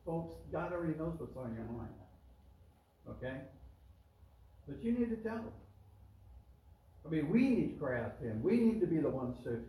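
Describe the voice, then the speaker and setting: A man's voice: on the high side, very animated, moderate pace, long pauses, warm tone. A man preaching a sermon as pastor, in a chatty way, pushing his voice up on the words he stresses. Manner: conversational preaching, rising emphatic on key words. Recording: roomy echo, mic at a distance.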